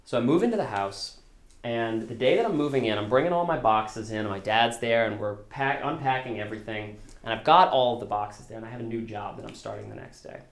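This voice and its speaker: This live storytelling performance features a man recounting a true experience on stage, casual and self-deprecating, with many restarts. He speaks fairly quickly at medium pitch, and the audio is reverberant.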